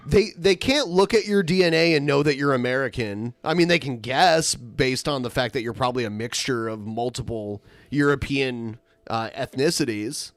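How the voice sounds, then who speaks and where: A man's voice: mid-range voice, normal speed, hardly any pauses, no room sound. A man co-hosting a podcast, arguing in casual, exasperated chat. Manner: argumentative, exasperated. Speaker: podcast co-host.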